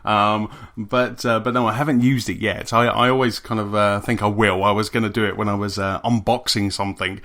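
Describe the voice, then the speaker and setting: Male podcast co-host, bright, forceful tone, joking banter, quick laughs. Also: fairly low pitch, steady tone. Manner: jokey, laughs often. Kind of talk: casual chat.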